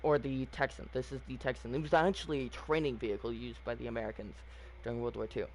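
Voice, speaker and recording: A man's voice: medium pitch, flat delivery, fast talker, a little hiss or hum. A man giving casual, opinionated commentary on a video game, rambling with frequent fillers and restarts. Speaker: gaming channel host.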